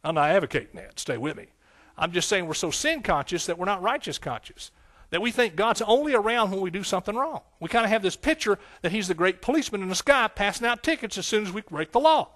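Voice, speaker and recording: Male pastor, high voice, emphatic preaching with call-and-response. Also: lively intonation, fast, fairly bright tone. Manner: repetitive, emphatic phrasing. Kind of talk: sermon.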